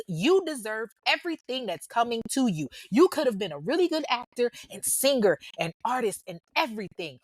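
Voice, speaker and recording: A woman with a slightly high voice hosts a true crime podcast, chatting casually and bluntly during the talk and outro. She swears freely and calls her listeners y'all. The recording is dry.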